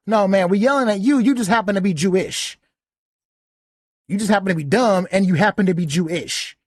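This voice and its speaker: A man's voice: sits high, normal speed, no room sound. Male podcast host, soldier; indignant casual rant, cursing freely; dry close sound. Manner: blunt, profane, indignant. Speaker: podcast host reacting to a clip.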